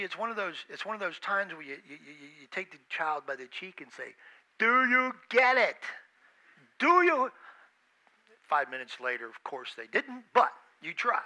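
A man's voice: a little high, sharp tone, rough recording. A man preaching a sermon with emphasis, repeating phrases and acting out the voices he quotes. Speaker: pastor.

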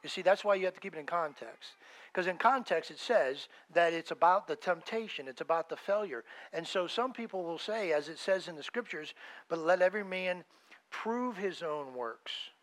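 A male pastor delivering a sermon in a relaxed, talky manner. His voice sits a little high for a man. He leans hard on key words, then drops to soft, low asides. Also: a little fast. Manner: conversational preaching, swinging between loud emphasis and quiet asides.

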